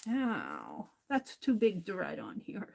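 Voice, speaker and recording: A woman's voice: mid-range voice, wildly swooping pitch, slow pace, gravelly, a little mellow. A woman hosting a crafting livestream, chatting casually, thinking aloud and talking to her viewers. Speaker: livestream host.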